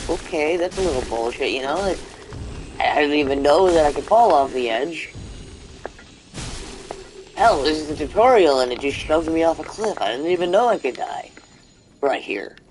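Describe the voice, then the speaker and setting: A man's voice: on the high side, slight background noise. A man giving let's play commentary, ranting and rambling with lots of fillers, restarts and swearing. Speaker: gaming channel host.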